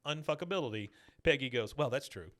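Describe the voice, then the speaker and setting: A man in an easygoing podcast recap whose pitch swings widely from low to high. He laughs often and slips into the characters' voices as he retells scenes. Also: lively intonation, fairly quick, fairly bright tone. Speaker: podcast co-host. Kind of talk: casual episode recap.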